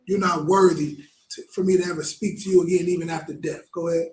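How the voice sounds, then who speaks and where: A man's voice: on the high side, fairly even intonation, fast talker, echoey room, rough recording. A man preaching a fervent, blunt sermon with lots of repetition.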